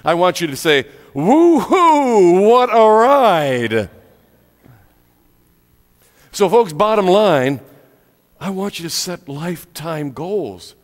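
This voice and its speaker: A middle-aged male pastor preaching a lively sermon with exclaimed punchlines, then leading a quiet prayer. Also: medium pitch. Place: church sanctuary. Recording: church hall reverb.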